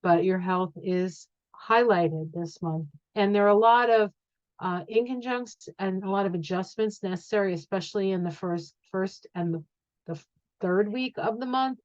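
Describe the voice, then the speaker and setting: With a mid-range voice at a moderate pace, a middle-aged astrology and tarot reader chats to camera about a forecast. She keeps thinking aloud, saying um and restarting often, on a dry, lo-fi recording.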